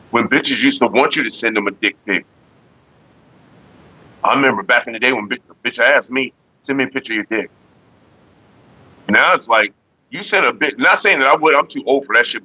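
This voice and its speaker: A middle-aged man hosting a casual livestream, talking in a rambling, profane way with animated retellings. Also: mid-range voice, dry recording, dull audio. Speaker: livestream host.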